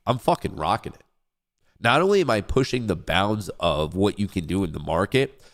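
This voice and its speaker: A young man hosting a casual trading livestream, congested and stuffy-nosed, rambling and joking about himself between updates. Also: deep voice. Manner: rambling, joking, self-hyping. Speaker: livestream trading show host.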